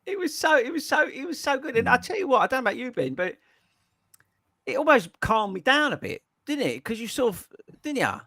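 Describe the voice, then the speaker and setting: A man, high-voiced and swooping all over as he tells a story and laughs his way through it. His voice is dry and close, with no room around it. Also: very animated, brisk, bright, forceful tone, no room sound. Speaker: podcast host. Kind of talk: casual chat.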